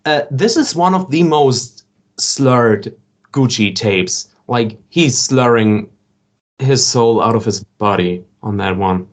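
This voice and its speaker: Podcast co-host, male, mid-pitched, halting wry delivery with lots of restarts. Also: lively intonation. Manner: halting, filler-heavy, wry. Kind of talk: casual chat.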